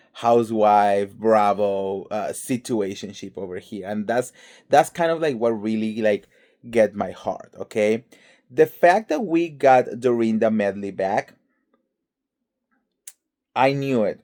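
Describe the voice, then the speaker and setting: Chatty gossiping man, warm mellow voice. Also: medium pitch. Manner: chatty, gossipy, many fillers like "girl" and "okay". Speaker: host. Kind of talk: casual pop culture commentary.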